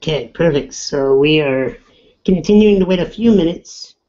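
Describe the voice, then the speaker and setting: A man's voice: fairly high pitch, normal speed, dark tone. A middle-aged man hosting a webinar, chatty and upbeat, greeting people by name as they join. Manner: upbeat, chatty, reads out names. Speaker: webinar host. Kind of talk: casual webinar welcome. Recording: dull lo-fi web audio.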